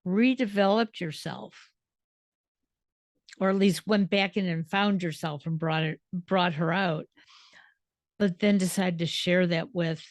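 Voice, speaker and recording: A woman's voice: mid-range voice, no room sound. A woman hosting a podcast who asks her guest questions in a thoughtful way. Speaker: podcast host. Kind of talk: interview questions.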